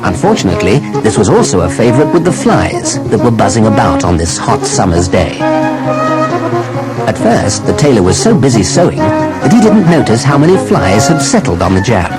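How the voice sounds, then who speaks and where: A man giving a warm, animated scripted storybook narration. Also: on the low side, normal speed, rough recording. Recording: music under narration.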